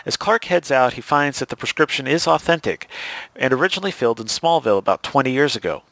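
A man at an ordinary middle pitch talks through a comic book plot in a casual recap. He is relaxed and stops to fix his own slips as he goes. The recording is dry and close, with no room sound. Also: fast talker, no room sound.

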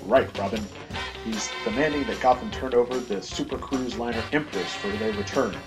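A man voicing a calm, confident male caped crime-fighter in a plain, non-gravelly voice, reading a comic-book ad aloud. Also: mid-range voice, moderate pace, over music, close to an everyday voice. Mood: steady.

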